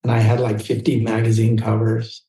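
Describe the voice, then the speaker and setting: A man in his sixties from California, telling anecdotes as a guest in a casual interview. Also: normal speed. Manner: animated anecdotes, acts out quoted people in a higher voice. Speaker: guest, fashion photographer. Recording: roomy, distant mic.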